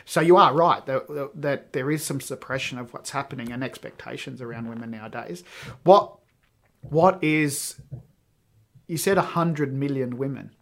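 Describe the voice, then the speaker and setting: A man's voice: mid-range voice, normal speed. Male podcast host, rambling casual storyteller. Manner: rambling storyteller, many ums. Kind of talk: casual interview chat.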